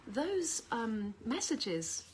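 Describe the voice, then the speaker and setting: A middle-aged woman, talking casually and at length to camera at home in a chatty, animated way. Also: on the high side, very slow, a little hiss or hum. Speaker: vlogger.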